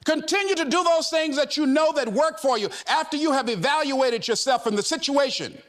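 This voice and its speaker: A man giving a fiery motivational speech, shouting and repeating his points with a preacher's drive. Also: extremely high pitch, a little fast. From United States. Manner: fiery, shouting, repetitive exhortation. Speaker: motivational speaker.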